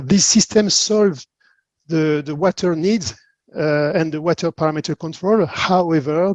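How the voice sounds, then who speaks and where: A man with a French accent, a marine biologist giving an online conference talk in halting English with many fillers. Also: fairly high pitch, no echo. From France. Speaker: presenter. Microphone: video call. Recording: dull lo-fi video call audio.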